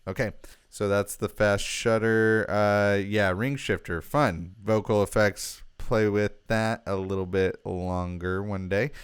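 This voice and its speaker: Low, smooth-voiced man testing vocal effects. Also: steady tone, takes it slowly, no room sound. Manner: thinks aloud, tries sounds as he goes. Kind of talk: casual gear demo.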